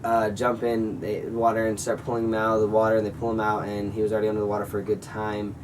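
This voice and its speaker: A man's voice: on the low side, monotone, fast, far from the mic, a little hiss or hum, poor audio. A young man vlogging, telling a personal story in a rambling, earnest way with lots of fillers, now and then acting out what people said. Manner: rambling, filler-heavy, earnest retelling with acted-out quotes. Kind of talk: casual storytelling to camera.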